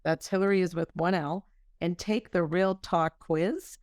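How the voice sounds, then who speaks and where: Woman podcast host, lowish smooth voice, measured questions, dry close sound. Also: steady tone, darkish tone, dry recording. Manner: measured, asks clarifying questions. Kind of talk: interview podcast.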